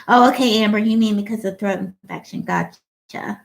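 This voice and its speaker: A woman's voice: medium pitch, moderate pace, creaky, poor audio. A woman hosting a casual livestream chat, reading viewer comments aloud and laughing often. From Ohio. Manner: chatty, giggly, reads comments aloud. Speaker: livestream host.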